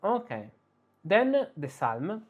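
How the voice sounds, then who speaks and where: A music teacher gives a spoken lesson on chant, explaining slowly and breaking into sung Latin chant phrases as examples. His voice is high-pitched and sing-song, captured in a slightly dull, lo-fi recording.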